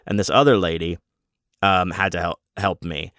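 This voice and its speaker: A man's voice: sits low, fairly even intonation, quick pace, a bit bright, smooth, no room sound, studio quality. A man telling a rambling, profane story in a casual way, with many restarts. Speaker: convention guest.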